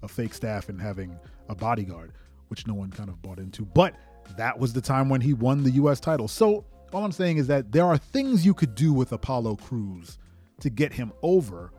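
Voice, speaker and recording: A man hosts a casual wrestling talk show with a mellow, relaxed tone at a mid pitch. He rambles and thinks aloud, circling his points with plenty of "like"s, while faint music plays underneath. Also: moderate pace, breathy edge. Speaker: wrestling podcast host. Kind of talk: casual commentary monologue.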